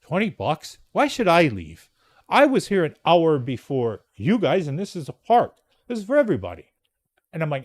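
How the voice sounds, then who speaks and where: A man hosts his show in a loose, rambling monologue. His voice sits slightly high and moves a lot in pitch. He is blunt and drops profanity casually as he tells the story. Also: huge pitch swings, moderate pace. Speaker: podcast host.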